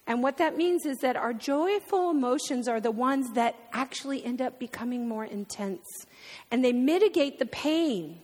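A woman's voice: on the high side, a little mellow. A woman preaching a heartfelt sermon in a church, speaking openly about grief and sometimes through tears. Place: church sanctuary. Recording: long hall reverb.

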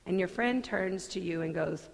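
A woman pastor delivering a sermon in a church sanctuary, earnest and deliberate, with conversational asides. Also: lowish voice, vocal fry. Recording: long hall reverb.

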